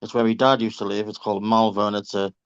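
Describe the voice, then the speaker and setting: A man's voice: fairly low pitch, flat delivery, fast, smooth, no room sound. A man casually telling anecdotes to his group, swearing freely and laughing as he goes. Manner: chatty, swears freely, laughs through stories. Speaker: reading group member on a group call. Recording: slightly dull, dry lo-fi call audio.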